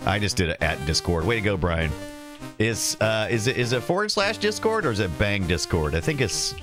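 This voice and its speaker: Lively-voiced man hosting a retro stream. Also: lowish voice, fairly quick, music in the background. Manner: rambling, self-correcting, reads chat and game text aloud. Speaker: host of a retro computer livestream. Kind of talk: casual livestream chat.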